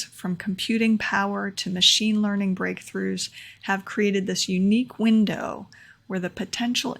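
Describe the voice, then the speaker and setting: A young adult woman vlogs from a room in her home near a window, sharing her takeaways from a talk in a casual, earnest explainer. She repeats key points for emphasis, and her mid-range voice is creaky.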